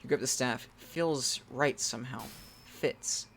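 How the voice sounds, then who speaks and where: Unhurried and mid-range, a man narrates a text adventure game aloud while its music plays, occasionally yelping in loud surprise. A faint hiss or hum is audible.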